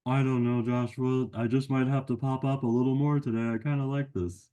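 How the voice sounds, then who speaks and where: A man's voice: mid-range voice, fairly even intonation, fairly quick, mellow, close to an everyday voice. A man voicing a cheerful, chatty sidekick puppet who keeps butting in with eager, friendly remarks. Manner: eager, friendly, pops in uninvited.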